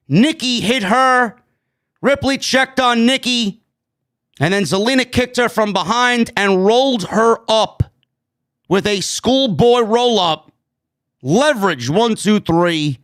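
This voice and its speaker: A man's voice: high-pitched, a bit bright. A man reviewing a wrestling show on his own, blunt and sarcastic, swearing freely. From New York. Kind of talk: opinionated solo show review.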